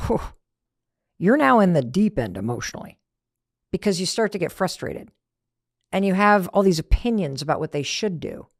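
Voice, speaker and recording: A woman's voice: lowish voice, creaky, no echo, clean studio sound. A middle-aged woman hosting a motivational podcast, talking in a conversational way and acting out the lines she quotes. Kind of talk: motivational talk.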